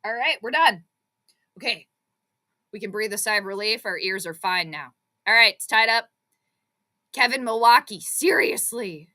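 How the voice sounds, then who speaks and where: A young adult woman hosting a live sports stream, reacting to the game in an excitable, exclamatory, chatty way. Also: medium pitch, moderate pace, long pauses. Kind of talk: live play-by-play reaction commentary.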